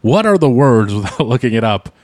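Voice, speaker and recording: Teasing podcast co-host with a lively pitch. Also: male voice, brisk, no echo. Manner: teasing, playful, swings up high when joking. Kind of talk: casual food podcast chat.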